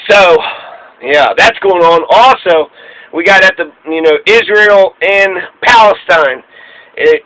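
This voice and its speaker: Male commentator, high bright voice, sarcastic and rambling, radio-style audio. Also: low-quality recording. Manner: sarcastic, rambling with many fillers. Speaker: political commentator. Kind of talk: casual political commentary.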